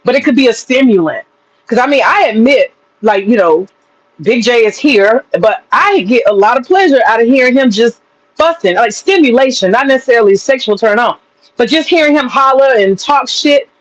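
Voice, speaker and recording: A man's voice: very high voice, animated, moderate pace, rough recording. A man chats on a livestream panel in a loose, profane way. He laughs often and circles back on his own phrases. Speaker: streamer and panel host. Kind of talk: casual livestream panel chat.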